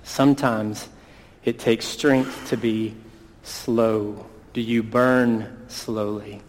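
A man's voice: medium pitch, little pitch movement, slight background noise. Preaching man in a reverberant hall. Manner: earnest, slows down for emphasis on key words. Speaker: pastor. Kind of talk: sermon.

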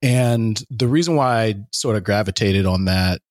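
A man's voice: on the low side, moderate pace, dry recording. A man co-hosting a podcast, retelling a Bible story in casual, slangy, jokey chat. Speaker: podcast co-host.

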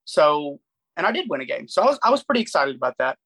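A man's voice: fairly high pitch, sing-song, fast talker, gravelly, fairly bright tone, low-quality recording. Young man telling rambling stories. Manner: rambling, self-deprecating storytelling with frequent restarts. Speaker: podcast co-host. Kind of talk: casual chat.

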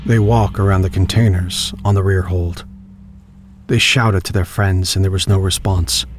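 A man narrating a horror story in a measured, grave storytelling manner. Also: low voice, noisy background.

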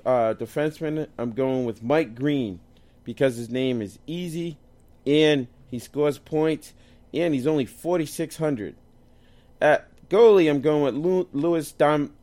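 A man's voice: mid-range voice, darkish tone. A man co-hosting a casual sports chat, loose and jokey, tripping over hard names as he lists his picks. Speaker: co-host picking fantasy lineups.

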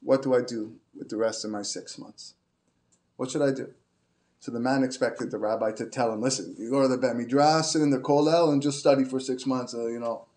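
A man gives an informal Torah class woven in. He halts and restarts often but grows animated as he tells stories. His voice sits at a middle pitch. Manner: halting, many restarts, animated when telling stories. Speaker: Torah teacher.

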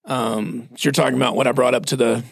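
A male pastor in his forties, plainspoken and self-deprecating, shares stories on a casual church podcast. His medium-pitched voice is gravelly with a husky grain, steady in tone and quick in pace. The sound is dry and close, with no room sound.

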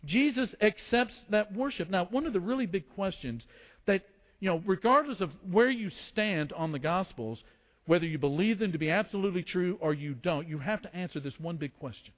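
High-voiced preacher in a reverberant hall. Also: male voice, animated, brisk. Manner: storytelling with acted quotes and restarts. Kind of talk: sermon. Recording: dull lo-fi sound in a long-reverb hall.

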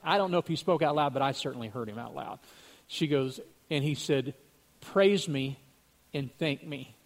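A man's voice: mid-range voice, a little fast. A man earnestly telling a religious testimony story, acting out what other people said.

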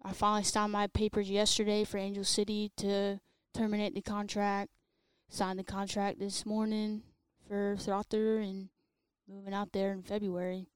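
A woman with a smooth, clear voice talks as a guest in a relaxed interview. She tells stories in an easygoing way. The sound is close and dry. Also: medium pitch, moderate pace, no echo. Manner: easygoing, storytelling. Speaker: guest, soccer player. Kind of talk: casual interview chat.

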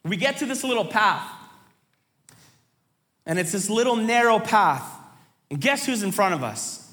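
Male preacher, sermon delivery, lively comic storytelling, high bright voice. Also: measured pace, pauses often, long reverb tail. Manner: animated storytelling, voices quoted people.

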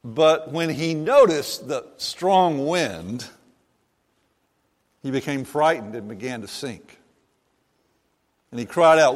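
A pastor giving a sermon in a church, reading scripture aloud and then preaching in an animated, conversational way. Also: male voice, on the high side. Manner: slow and animated, voicing the disciples and Jesus in quoted lines. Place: church sanctuary. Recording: long reverb of a large hall.

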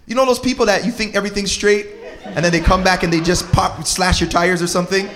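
A man in his thirties co-hosting a casual chat about parenting and relationships, animated and slangy with preacher-like exclamations. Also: high voice, quick pace. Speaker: podcast co-host.

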